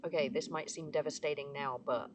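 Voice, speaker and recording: A woman's voice: sits low, fairly even intonation, brisk, background noise. A woman vlogging outdoors among trees in the morning, tearful and effusive, laughing often as she reflects. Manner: emotional, effusive, laughing often, bursts into singing. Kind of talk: casual spoken reflection.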